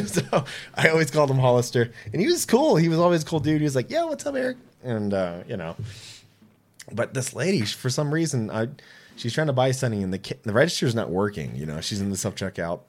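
A man in his late twenties, a podcast guest, telling casual stories with animated delivery, acting out quoted dialogue and swearing freely. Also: medium pitch, fairly quick. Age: 20s. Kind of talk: casual storytelling.

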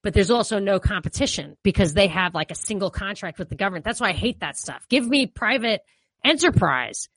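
Speaking in a mid-range voice at a brisk clip, this New Yorker co-hosts a laid-back political talk show. Her New York accent comes through as she argues her views with animation, leaning on "you know" constantly, and there's no echo.

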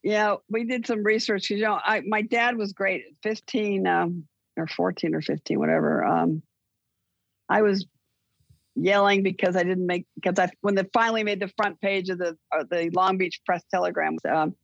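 Husky older woman, gravelly and dry. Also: medium pitch, steady tone, moderate pace, no echo, lo-fi sound. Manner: rambling, self-correcting storyteller. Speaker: guest. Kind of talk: casual chat, storytelling.

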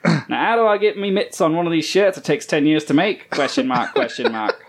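A man's voice: on the high side, a little hiss or hum. A man reading a listener's letter in a clumsy mock Australian accent, voicing a rowdy Australian bagpiper who keeps laughing through it.

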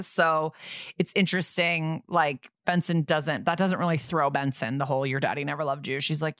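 A young adult woman co-hosting a podcast, chatting casually and recapping a TV episode in a lively storytelling way, acting out the characters' lines. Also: deep voice, moderate pace, dry recording, clean studio sound. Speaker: podcast co-host.

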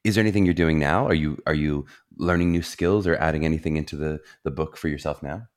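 Very deep-voiced male podcast host. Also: fast. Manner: warmly encouraging, musing, lots of fillers. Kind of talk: casual podcast interview.

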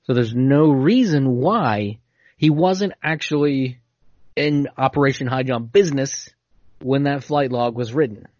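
Male co-host, mid pitch, easygoing; dull, dry sound. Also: measured pace, no echo. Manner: relaxed, conversational, explains at length. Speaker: podcast co-host. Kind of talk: casual chat.

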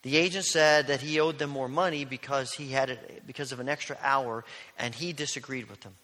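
A male pastor preaching a sermon, telling stories earnestly and dropping to a hush on key lines. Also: mid-range voice, steady tone, brisk. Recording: long reverb of a large hall.

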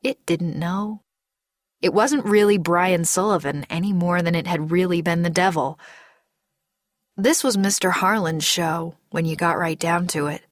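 A woman narrating a first-person story in a measured, deliberate way. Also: on the low side, dry recording, clean studio sound. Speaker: audiobook narrator.

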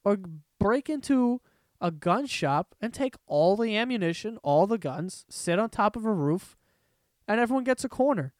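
A man's voice: high voice, lively intonation, moderate pace, no echo. A man hosting a casual solo podcast, ranting in a profane, rambling way from a room at home. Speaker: podcast host.

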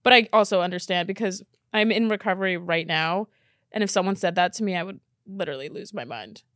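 A woman hosting a podcast in casual reaction chat, blunt and expressive, swearing casually. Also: lowish voice, a little fast, no room sound, studio quality. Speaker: podcast host.

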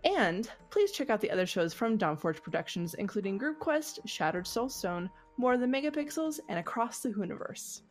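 A woman co-hosting a casual gaming podcast, bubbly and quick to laugh. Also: mid-range voice, big pitch swings, soft background music. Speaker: podcast co-host.

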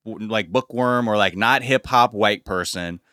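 Bright-voiced man, rambling casual host. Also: on the low side, measured pace, no room sound, clean studio sound. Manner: loose, rambling storytelling with many fillers. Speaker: podcast host. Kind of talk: casual chat.

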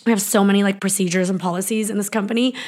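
A woman's voice: mid-range voice, fairly even intonation, racing, a little mellow. A woman from Canada talking as a business founder in a casual interview, rambling with lots of fillers and restarts.

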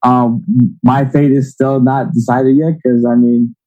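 Man, podcast co-host, casual sports chat, teasing, rambling, warm tone. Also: mid-range voice, little pitch movement, a little slow, highs cut off.

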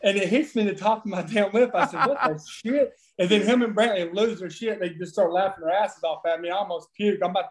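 A man in his thirties swaps profane baseball stories in a loose, animated way, often breaking into laughter. His voice sits fairly high for a man. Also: fast talker, few pauses. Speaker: former baseball player, podcast guest. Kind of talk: casual storytelling chat.

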